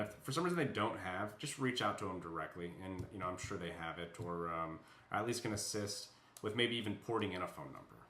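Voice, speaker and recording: A man presents a software product in a casual, unscripted walkthrough, full of fillers as he thinks aloud. His voice is bright and forward. It is recorded in an echoey room. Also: mid-range voice, slight background noise. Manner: loose and chatty, many fillers, thinks aloud.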